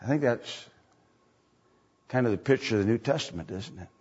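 A man's voice: medium pitch, lively intonation, moderate pace, darkish tone, husky. A man preaching as a pastor, repeating lines and asking the congregation rhetorical questions, on a dull lo-fi recording. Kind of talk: sermon.

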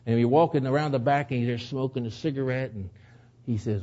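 A man's voice: mid-range voice, animated, a little fast, a little mellow, lo-fi sound. A man preaching a sermon, telling a personal story in an earnest way that builds to emotional moments. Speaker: pastor.

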